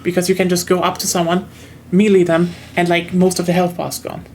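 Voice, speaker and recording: A woman's voice: fairly low pitch, level tone, a little fast, darkish tone, a little hiss or hum. A young woman from southern Germany with a German accent, chatting casually as a streamer while gaming, rambling with lots of fillers and restarts.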